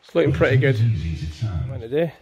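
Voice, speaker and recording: A man's voice: mid-range voice, a little fast. A man giving a casual walkthrough in a vehicle workshop. His voice is muffled by a face mask, and he keeps checking for agreement with tag questions. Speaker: charity workshop vlogger.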